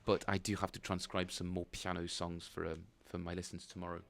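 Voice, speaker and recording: A man chatting casually with viewers while streaming his bass practice, rambling and thinking aloud. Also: completely flat delivery, brisk, creaky. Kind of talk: casual livestream chat.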